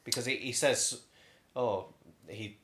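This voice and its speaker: Male co-host, chatty, quick to giggle. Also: medium pitch, a bit bright, reverberant, a little hiss or hum. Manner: chatty, giggly, talks through his notes. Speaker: podcast co-host. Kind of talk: casual film podcast chat.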